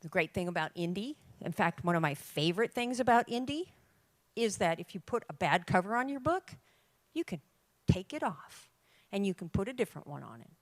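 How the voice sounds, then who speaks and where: Emphatic woman giving a lively talk. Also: mid-range voice, dry recording. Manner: emphatic and lively, with dramatic pauses. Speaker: conference speaker. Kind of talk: conference talk to writers. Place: conference room.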